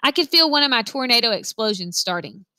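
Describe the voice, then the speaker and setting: A woman reading a novel aloud, telling the story in an expressive first-person voice. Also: on the high side, fairly quick, clean tone, no echo. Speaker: reader.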